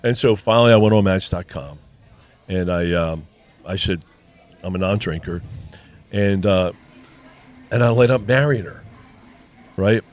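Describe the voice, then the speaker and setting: A man with a lowish voice tells a long personal story in a relaxed chat. He slips into the voices of the people he quotes as he goes. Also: moderate pace, pauses often. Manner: animated storyteller acting out quoted dialogue. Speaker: podcast co-host.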